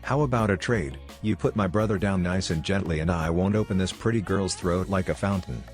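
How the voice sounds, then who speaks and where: A cool, unshakable young ninja who threatens as calmly as he talks about the weather, as a male narrator reads him. The voice sits very low and deep, with faint music under it. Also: a little fast, natural voice. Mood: calm menace. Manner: calm, casually menacing.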